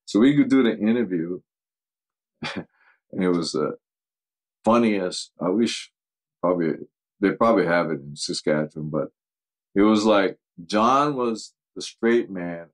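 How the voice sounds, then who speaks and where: An older man with a very low, deep voice spins casual stories from his coaching days. He laughs easily and slips into the voices of the people in his tales. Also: measured pace, pauses often, low-quality recording. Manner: animated anecdotes, acts out quoted voices, laughs often. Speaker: football coach guest. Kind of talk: casual storytelling interview.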